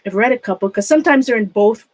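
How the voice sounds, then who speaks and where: A woman's voice: fairly high pitch, animated, fast, a little mellow. A woman chatting casually to her live-stream viewers. She rambles, often trails off and restarts mid-sentence, and laughs at herself a lot. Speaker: craft room vlogger.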